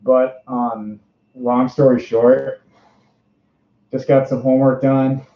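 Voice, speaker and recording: A man in his twenties with a Minnesota accent, hosting a casual livestream interview. He talks from inside a costume suit, rambling, bubbly and quick to laugh. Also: medium pitch, little pitch movement. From Minnesota, USA. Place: indoors, speaking from inside a fursuit. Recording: roomy, dull lo-fi stream audio.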